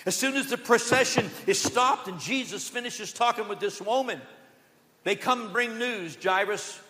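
A man preaching in a high, bright voice, moving between loud declarations and hushed asides as he tells stories. The sanctuary adds a long reverb to every word. He preaches like a pastor leading his congregation. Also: moderate pace. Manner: storytelling with quoted voices. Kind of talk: sermon. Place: church sanctuary. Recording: long church hall reverb.

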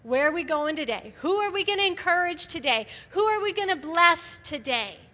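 A middle-aged woman giving an animated sermon to a gathering of women, often laughing as she speaks. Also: very high voice, moderate pace. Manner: animated, laughs often, acts out quoted voices. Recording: live hall with long reverb.

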